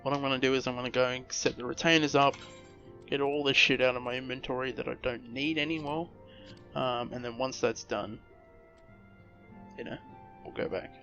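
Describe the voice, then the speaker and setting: A man hosting a casual let's play, talking in a relaxed, offhand way and swearing casually. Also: mid-range voice, normal speed, long pauses. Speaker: gameplay video host. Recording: muffled recording with faint music.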